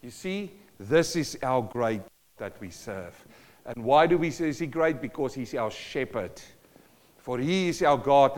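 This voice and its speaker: A man's voice: medium pitch, big-room sound. A man preaching a sermon, emphatic and calling out to the congregation for responses.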